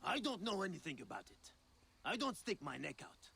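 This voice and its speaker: Game merchant, high bright tense voice, wary, evasive. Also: male voice, big pitch swings, normal speed, creaky, a little hiss or hum, exaggerated voice. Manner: guarded, evasive, cries out his wares. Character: wary, nervous male metalwork merchant.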